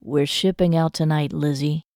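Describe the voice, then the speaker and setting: A woman reading an audiobook voices a young soldier, speaking softly and slowly to reassure. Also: sits low, fairly even intonation, dry recording, studio quality, close to an everyday voice. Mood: tender. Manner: soft, slow, reassuring. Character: gentle young soldier, calm and tender. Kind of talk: audiobook character voice.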